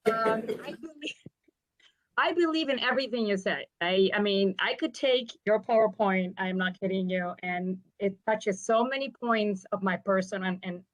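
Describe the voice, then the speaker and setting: Woman from São Paulo, eager audience questioner, gushing and emotional, mid-pitched voice. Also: low-quality recording. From São Paulo, Brazil. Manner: warm, gushing, emotional, talks in a rush. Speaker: audience member asking a question. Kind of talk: live Q&A question.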